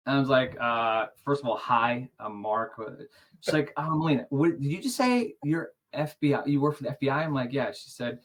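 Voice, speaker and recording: Man in his forties telling a lively story. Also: mid-range voice, normal speed. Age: 40s. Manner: animated, acts out quoted dialogue, chuckles. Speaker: interview guest. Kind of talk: casual storytelling.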